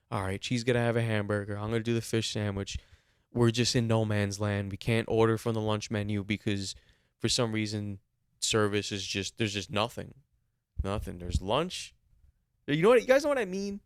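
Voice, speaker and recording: A man's voice: medium pitch, clean tone, dry recording. Podcast guy ranting about a bad restaurant, swears a lot, dry close mic. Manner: exasperated, swears casually. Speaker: podcast co-host. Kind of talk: casual storytelling rant.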